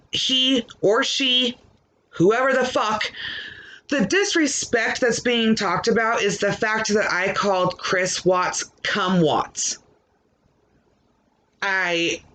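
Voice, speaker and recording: Slow-talking blunt profane woman. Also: on the high side, sharp tone. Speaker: podcast host. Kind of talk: ranting monologue. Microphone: podcast microphone.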